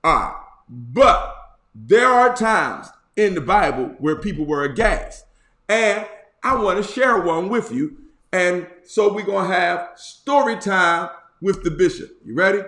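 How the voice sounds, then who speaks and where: A man's voice: high-pitched, expressive, a little slow, pushed and bright, reverberant. A man preaching a casual sermon as a bishop, in a folksy way that repeats key lines for emphasis. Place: church.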